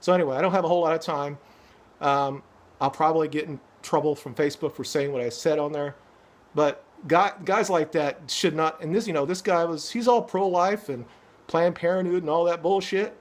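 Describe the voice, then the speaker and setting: A man's voice: a little high, fairly quick. A middle-aged man ranting angrily to his viewers, swearing often and stumbling over restarts. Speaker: vlogger. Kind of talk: angry opinion rant to camera.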